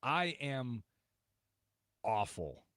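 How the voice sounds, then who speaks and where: A man's voice: medium pitch, big pitch swings, very slow, fairly bright tone, dry recording. Easygoing male sports radio host, dry sound. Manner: easygoing, agreeable, lots of fillers. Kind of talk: casual sports talk.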